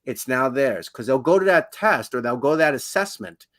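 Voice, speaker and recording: A man guesting on a podcast interview, talking in an animated, emphatic way and jumping up in pitch to stress his points. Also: moderate pace, dry recording, studio quality. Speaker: education consultant guest.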